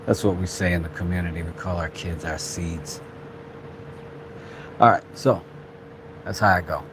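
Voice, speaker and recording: Man, craft vlog host, mid-range pitch, jokey, rambling, casual. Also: slight background noise. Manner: playful, rambling, jokey asides. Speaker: craft channel host, father. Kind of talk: casual workshop vlog chat.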